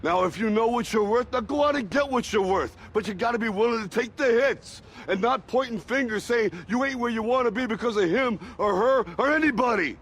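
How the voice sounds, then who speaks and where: A man's voice: very high-pitched, a little fast, hardly any pauses, fairly bright tone, husky, full character voice. An actor playing an aging boxer giving his grown son a blunt, stern film-drama monologue that builds to fierce urging. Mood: fervent.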